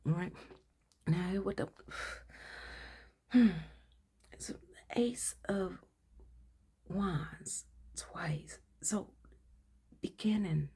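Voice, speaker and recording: Husky low-voiced woman reading tarot. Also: dark tone. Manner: blunt, profane, mixes in frequent whispered asides. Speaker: tarot reader. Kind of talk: casual spoken tarot reading.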